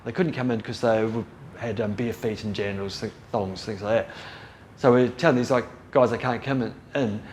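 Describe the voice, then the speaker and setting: A man's voice: fairly low pitch, steady tone, moderate pace, a little mellow, a little hiss or hum. A middle-aged man telling rambling stories in a casual way, often breaking off and restarting his sentences. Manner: rambling, self-interrupting, laughs at own story. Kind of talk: casual storytelling.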